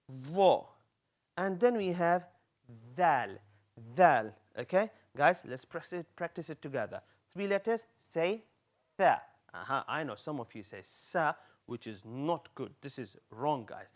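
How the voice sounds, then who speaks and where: Lively male teacher coaching young kids. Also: on the high side. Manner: lively, coaxing, speaks directly to kids; slow, exaggerated sound drills. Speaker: children's Quran teacher. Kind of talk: live children's TV lesson.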